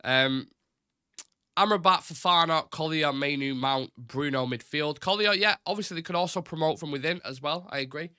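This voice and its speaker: A man's voice: fairly high pitch, normal speed, pushed and bright, clear, resonant tone, no echo, clean studio sound. A man hosting a football fan live stream, talking casually and at length, rambling with strong opinions and the odd swear word. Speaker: host of a football fan show.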